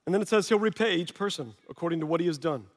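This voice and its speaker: A man's voice: on the high side, animated, rapid-fire. A male pastor preaching a sermon in a church, in a passionate, conversational way with lots of casual fillers. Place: church sanctuary. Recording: reverberant hall sound.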